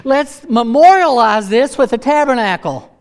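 A woman's voice: fairly high pitch, expressive, normal speed, darkish tone, pitched above the performer's own voice, close to an everyday voice. A woman doing Peter, an eager awestruck disciple. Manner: eager, stumbling over words.

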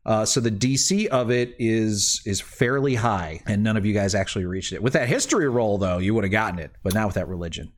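A man running a tabletop game as dungeon master over voice chat, relaxed and hesitant, with many fillers and restarts. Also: on the low side, a little fast, few pauses.

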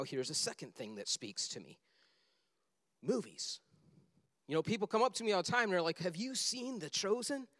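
High-voiced preacher in a reverberant hall. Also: male voice. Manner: animated storytelling, acting out film scenes. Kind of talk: sermon.

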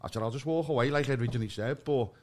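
A man's voice: mid-range voice, rapid-fire, a little mellow. A man, a podcast guest telling a story in blunt, sweary casual chat and acting out both sides of phone arguments.

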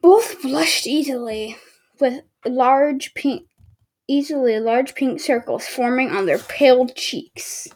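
Slow-talking young woman podcast host. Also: high-pitched, a little mellow. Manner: halting reading with restarts and sarcastic asides. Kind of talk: casual podcast, reading a book aloud. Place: at home.

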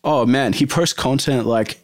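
A man's voice: medium pitch, a little slow, no echo. A young man hosting a podcast, chatting in a laid-back way and swearing casually. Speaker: podcast host. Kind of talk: casual chat.

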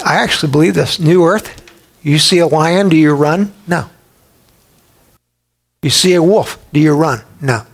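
Animated, higher-pitched male preacher. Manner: animated storytelling with acted voices; humorous, conversational. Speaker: pastor. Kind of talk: sermon.

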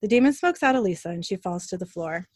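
A woman's voice: fairly low pitch, expressive, quick pace, a little mellow, dry recording, studio quality. Chatty woman recapping a show. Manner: chatty, plain storytelling. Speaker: podcast host recapping a TV episode. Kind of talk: casual recap narration.

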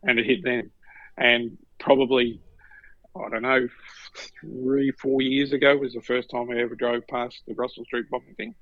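At a moderate pace and with no room sound, a man in his fifties with a medium-pitched voice and an Australian accent chats casually on a podcast he co-hosts. The former paramedic, captured in dull, lo-fi, dry audio, tells animated stories and voices the people in them.

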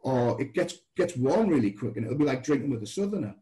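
Over poor audio, a middle-aged man from Britain speaks quickly at a medium pitch. He's a guest sharing easygoing stories, restarting now and then and bringing quoted dialogue to life by performing the voices.

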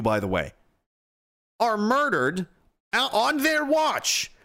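A man's voice: fairly high pitch, a bit bright. Angry, profane man ranting. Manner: profane, sarcastic and mocking. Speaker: host of a commentary show. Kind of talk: angry political rant.

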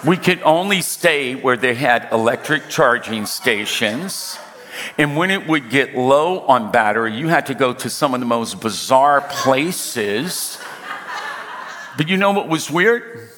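A man preaching a sermon, telling a personal story with humor and emphatic slowdowns. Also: medium pitch, lively intonation, noisy background. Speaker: pastor. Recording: reverberant hall.

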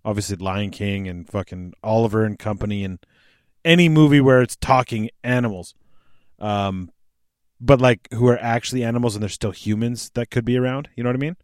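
Canadian dad in his 30s hosting a podcast, mid-pitch, chatty, swears, dry close sound. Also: fairly even intonation, fairly quick, dry recording. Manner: chatty, profane, prone to laughing. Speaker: podcast host. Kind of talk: casual chat.

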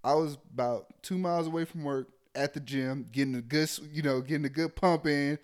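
A man's voice: on the high side, steady tone, a little fast, clear, resonant tone. A young adult man, an army sergeant, venting bluntly and profanely in casual chat.

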